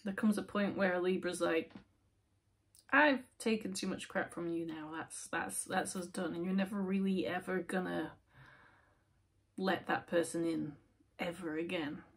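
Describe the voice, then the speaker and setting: A woman giving a casual, chatty tarot reading, with many fillers and soft, near-whispered asides. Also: on the low side, fairly even intonation, a little slow, husky. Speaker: tarot reader.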